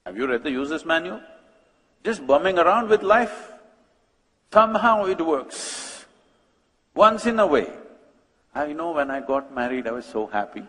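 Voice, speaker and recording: A man's voice: fairly high pitch, sing-song, measured pace, pauses often, fairly bright tone. Man giving a rhetorical talk in a hall. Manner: rhetorical, questioning the audience with humor. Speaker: spiritual speaker. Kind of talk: public talk to an audience.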